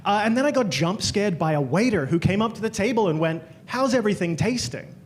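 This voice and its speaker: A man's voice: high voice, lively intonation, fast, a little hiss or hum. A man with an Australian accent performing a stand-up comedy set on a club stage, telling dry, self-deprecating stories. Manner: dry, self-deprecating storytelling with quoted voices.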